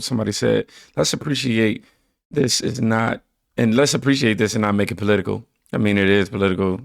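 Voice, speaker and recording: Gravelly low-voiced man, casual reaction host. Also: dry recording, studio quality. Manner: laid-back, reads viewer comments aloud and riffs on them.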